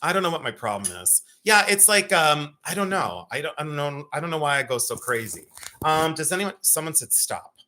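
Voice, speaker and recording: Man in his 50s, live sale host, bright, slightly high voice, rambling chat with quick auctioneer chant. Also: expressive. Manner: chatty, rambling, bursts into rapid auctioneer chant. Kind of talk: live-stream sales chat.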